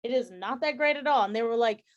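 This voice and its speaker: A woman's voice: fairly high pitch, fast, lo-fi sound, a crowd in the background. A young woman from San Antonio, a chef chatting as a podcast guest and acting out the voices in her stories. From San Antonio, Texas. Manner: animated storyteller, acts out quoted dialogue. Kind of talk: casual interview chat.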